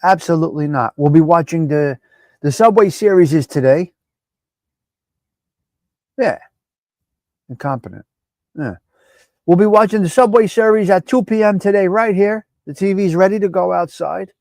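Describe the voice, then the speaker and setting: A man hosting a casual live-stream chat, brash, profane and animated as he talks back at viewers by name. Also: high-pitched, moderate pace, long pauses, dry recording. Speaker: live show host.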